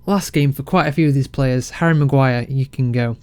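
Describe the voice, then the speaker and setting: A man casually commentating his football management game, excitable and self-mocking. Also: mid-range voice, brisk, clean tone, no echo. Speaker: game let's-play creator.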